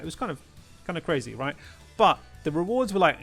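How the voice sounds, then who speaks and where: Man, high voice, gravelly, exasperated game rant, faint music behind. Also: sing-song, fairly quick, a bit bright. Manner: exasperated, swears often, rhetorical questions. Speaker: gaming channel host. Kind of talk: ranting game commentary.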